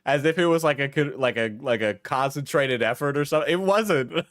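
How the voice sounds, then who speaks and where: A man's voice: mid-range voice, fairly quick, fairly bright tone, no echo, clean studio sound. A man streaming casual commentary in a rambling, profane way, with frequent laughter.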